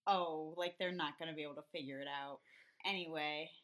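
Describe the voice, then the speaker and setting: A woman co-hosting a comedy podcast, telling stories with a teasing, animated manner. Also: low voice, a little fast. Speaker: podcast co-host. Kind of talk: casual comedic chat.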